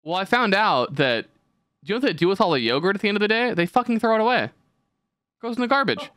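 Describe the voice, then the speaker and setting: Male podcast host, casual and profane, rambling anecdotes, bright tone, dry close sound. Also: high voice, animated, quick pace, clear, resonant tone, no echo. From California.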